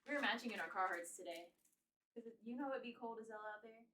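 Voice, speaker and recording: A woman's voice: fairly high pitch, quick pace, sharp tone, recorded from a distance, slight background noise. A young woman streaming from her room at home, chatting casually, mocking herself and swearing a lot. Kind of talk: casual live-stream chat. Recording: roomy sound, voice off-mic at times.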